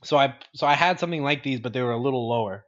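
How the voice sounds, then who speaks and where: A young man in casual chat, spinning long rambling stories with easy swearing and frequent laughter. His pitch sits mid-range for a man. The recording sounds slightly muffled, like a home podcast. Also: rapid-fire, fairly bright tone. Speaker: podcast co-host.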